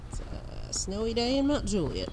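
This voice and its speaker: A middle-aged woman, sick and hoarse, chatting in a rambling way with frequent laughs while feeding chickens outdoors. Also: a little high, huge pitch swings, a little mellow, poor audio. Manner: slow, rambling, laughs often. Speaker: vlogger. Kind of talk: casual vlog chat. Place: outdoors in a snowy yard with chickens. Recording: outdoor background noise. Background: outdoor ambience with animals.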